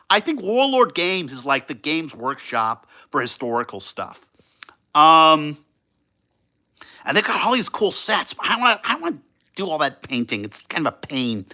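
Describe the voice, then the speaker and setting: A young man rambling through a casual livestream chat with a sharp, bright voice. His pitch is high and swings all over, and he fills the gaps with ums and sudden excited exclamations. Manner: rambling, excitable, many fillers. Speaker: livestream host.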